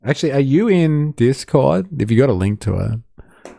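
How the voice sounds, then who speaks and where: A man's voice: mid-range voice, sing-song, moderate pace, vocal fry, dark tone, dry recording. A man with an Australian accent giving sardonic, swearing live-stream commentary and reading out chat comments.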